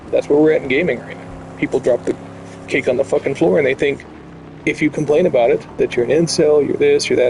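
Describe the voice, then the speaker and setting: A man's voice: a little high, fairly even intonation, a little fast, creaky, a little mellow, slight background noise, low-quality recording. A man hosting a gaming channel, delivering blunt, profane, heated commentary over gameplay.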